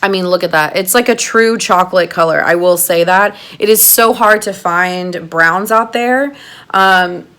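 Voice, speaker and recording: A woman giving a chatty makeup tutorial, gushing and excitable as she talks to her viewers. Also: lowish voice, measured pace. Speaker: makeup artist doing a tutorial.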